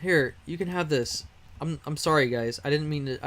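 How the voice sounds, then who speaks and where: A man from Texas chats to his stream viewers while he plays a game, with a voice that sits a little high. He rambles through a story, restarting sentences and filling gaps with "uh" and "like." He chuckles now and then as he talks. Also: normal speed, a bit bright. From Texas, USA.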